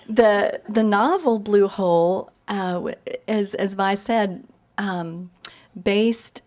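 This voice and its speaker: A Southern woman from Tennessee, a novelist telling funny, self-deprecating stories at a reading. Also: mid-range voice. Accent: Southern American. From East Tennessee. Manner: chatty, self-deprecating, with frequent fillers and laughs. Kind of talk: humorous storytelling talk.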